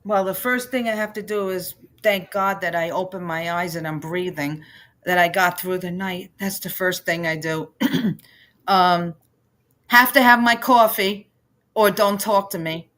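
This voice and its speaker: Woman, Jersey accent, podcast guest on a video call, animated storyteller. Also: fairly low pitch, a little slow. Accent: New Jersey. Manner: animated storyteller, laughs often. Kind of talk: casual interview chat.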